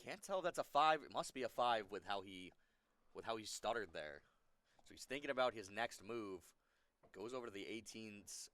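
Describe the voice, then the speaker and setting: A man's voice: lowish voice, expressive, normal speed, a bit bright, no room sound. A man giving live color commentary on a darts match, analytical and repeating points for emphasis.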